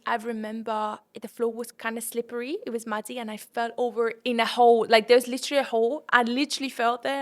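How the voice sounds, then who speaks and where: A young woman hosting a podcast, telling a travel story in an animated way and acting out her own panicked lines. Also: a little high. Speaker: podcast host.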